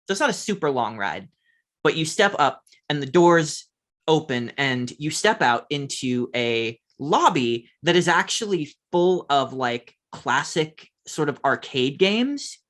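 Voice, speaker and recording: A man's voice: fairly high pitch, sing-song, measured pace, a bit bright. A man narrating as game master of a tabletop game, describing scenes casually with lots of fillers.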